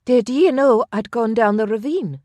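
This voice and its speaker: Woman doing a proud lady fighter, sharp tongue, high and indignant, dry close sound. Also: normal speed, dry recording, lightly acted. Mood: wary. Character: fiery young Scottish noblewoman, proud and defiant.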